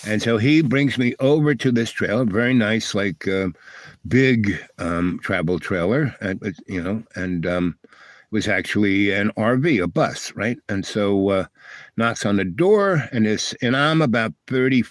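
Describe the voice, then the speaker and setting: A man's voice: fairly low pitch, unhurried, no room sound. An older man hosting a livestream, telling a meandering personal story with many restarts and fillers. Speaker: livestream host. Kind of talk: rambling storytelling.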